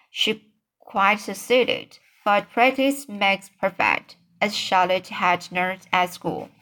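A woman's voice: medium pitch, pushed and bright. A woman narrating an audiobook as an amateur reader, stumbling at times with fillers and restarts. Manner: slow reading with slips, fillers and restarts.

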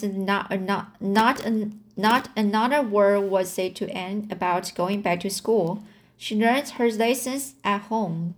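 A woman reading a novel aloud and commenting on it, slow and halting, with frequent restarts and fillers. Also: mid-range voice. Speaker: reader.

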